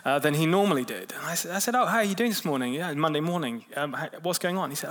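A man preaching a sermon in a relaxed, conversational way, telling stories and quickening and slowing his pace. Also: on the high side. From England. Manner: conversational preaching with storytelling, lively shifts in pace. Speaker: pastor.

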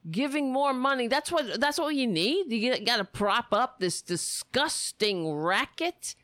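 A woman's voice: a little high, big pitch swings, unhurried, fairly bright tone, dry recording. A woman delivering an angry, profane political rant full of sarcasm.

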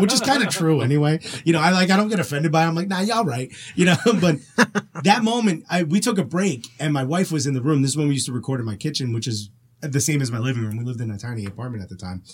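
Fast-talking husky man telling stories. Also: medium pitch. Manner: animated storyteller, laughs often. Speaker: podcast guest. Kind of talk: casual podcast chat.

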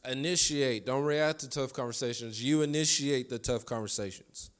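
A male pastor delivers a sermon in a church. His pitch sits in an ordinary middle register. He speaks earnestly and leans on repetition to drive each point home. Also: normal speed, clear, resonant tone. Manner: earnest, repeats key lines for emphasis. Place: church sanctuary.

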